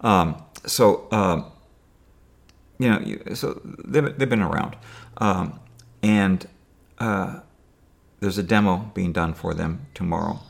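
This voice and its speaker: A man's voice: sits low, takes it slowly, gravelly. A man talking to camera in a rambling personal monologue, with dry sarcastic humor and many fillers and restarts. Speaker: video diarist.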